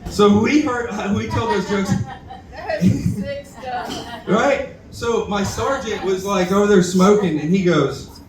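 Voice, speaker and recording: Speaking slowly and pausing often, a high-pitched young man works through a rambling, self-deprecating, profane stand-up set at an open mic, bantering with the audience. The mic sits far off in a roomy bar with lots of echo.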